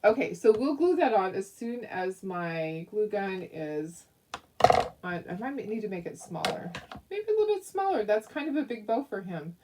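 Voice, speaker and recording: A woman's voice: medium pitch, sing-song, normal speed, recorded from a distance, very noisy. A woman hosting a casual craft tutorial at home, chatty and giggly as she talks viewers through each step.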